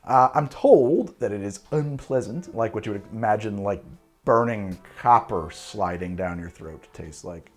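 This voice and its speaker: Animated, jokey male cocktail host. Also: on the low side, a little slow, faint music behind. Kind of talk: casual talk to camera.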